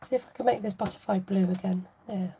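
A woman's voice: mid-range voice, fairly even intonation, fast talker, noisy background. A woman hosting a card-making tutorial, chatting and thinking aloud to herself as she works. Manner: chatty, self-talking, giggly, scattered.

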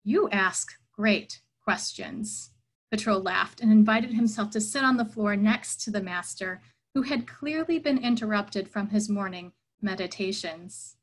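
A woman's voice: mid-range voice, normal speed, poor audio. A woman giving a reflective sermon at an online church service, earnest and thoughtful, telling a story.

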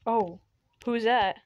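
Excitable young woman chatting over gameplay. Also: fairly high pitch, highs cut off. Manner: excitable, chatty, laughs often. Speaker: gaming channel host. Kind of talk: casual gameplay commentary.

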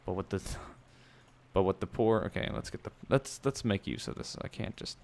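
A man giving casual commentary over a war video game, excitable and swearing often, bursting into loud yelps. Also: fairly low pitch, brisk, creaky, slight background noise. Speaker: gameplay commentator.

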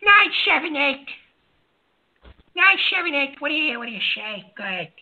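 A man's voice: extremely high pitch, sing-song, sharp tone, full character voice. A man doing a screechy hot-headed radio host. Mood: exasperated. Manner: quick to explode, insulting callers. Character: hot-tempered older male radio host. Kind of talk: comedic call-in radio bit. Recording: lo-fi muffled audio.

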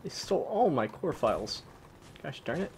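An excitable young man commentating a shooter game live, yelping and swapping his swears for "fudge." His voice sits slightly high and swings widely in pitch. A faint hiss sits under it. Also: normal speed, creaky. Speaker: gaming channel host.

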